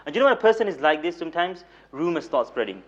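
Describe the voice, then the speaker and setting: A young man lecturing in a mosque as a moulana, telling stories with light humor, repeating words for emphasis and reciting Arabic rapidly. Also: on the high side, very animated. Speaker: moulana giving a weekly lecture. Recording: dull lo-fi recording.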